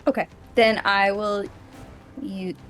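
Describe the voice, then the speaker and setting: A woman playing in a tabletop game, chatty and quick to laugh. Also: mid-range voice, steady tone, soft background music. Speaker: player. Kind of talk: casual tabletop play.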